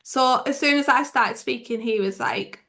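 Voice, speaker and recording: A woman's voice: sits high, normal speed. A woman with a Middlesbrough accent, a stunt driver telling stories as a guest in a casual interview. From Middlesbrough, England. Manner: chatty, lively anecdote telling.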